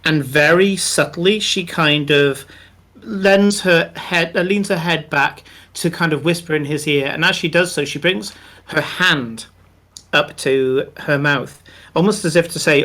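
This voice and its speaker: A man with a rather high, bright, forceful voice acts as game master for a tabletop game, narrating scenes at length. He's descriptive and unhurried, with many ums and uhs.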